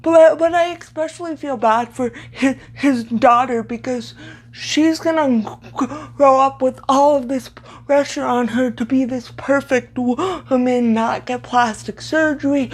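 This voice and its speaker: A young woman with a high voice speaks slowly in blunt, sarcastic commentary. She often halts and repeats the first sounds of words. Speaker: vlogger. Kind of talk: opinionated commentary.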